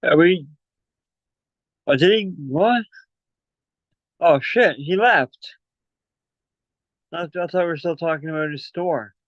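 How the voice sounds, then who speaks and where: A man hosts a casual livestream, chatty and rambling, plugging merch while out of breath from running up and down the stairs. His voice is a little high and his pace slow, with frequent pauses. The dull, lo-fi call audio has no room sound.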